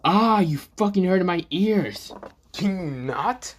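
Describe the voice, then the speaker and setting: A man's voice: medium pitch, expressive, normal speed, fairly bright tone, slight background noise, lightly acted. A man voicing an annoyed young woman who snaps and curses in a fan-made spoken story. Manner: cursing, snapping.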